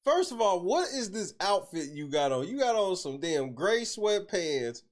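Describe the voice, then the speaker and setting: A host giving comedic commentary on a clip, incredulous, loud and profane, laughing often. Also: mid-range voice, very animated, a little slow.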